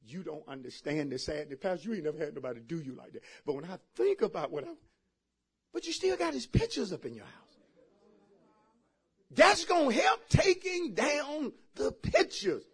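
Pastor, male, high, husky voice; rousing sermon, shouts then drops soft, jokes with the room. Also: huge pitch swings, normal speed. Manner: shouting preaching with sudden drops to quiet asides; joking and laughing with the congregation. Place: church.

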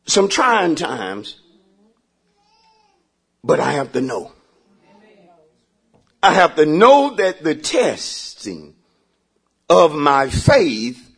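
High-voiced preacher guy, bright and husky, big swings, call-and-response. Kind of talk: sermon. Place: church.

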